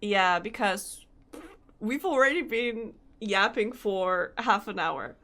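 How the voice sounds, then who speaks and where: A woman's voice: medium pitch, takes it slowly, a bit bright. A young woman, chatting casually with her live-stream audience, giggly and chatty. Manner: giggly, chatty, reacting to chat.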